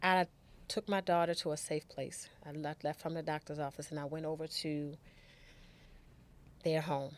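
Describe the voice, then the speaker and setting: Candid woman telling her story, lower-pitched. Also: flat delivery, moderate pace, long pauses. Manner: candid, emotional, repeats words, acts out quotes. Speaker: podcast guest storyteller. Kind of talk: emotional personal storytelling.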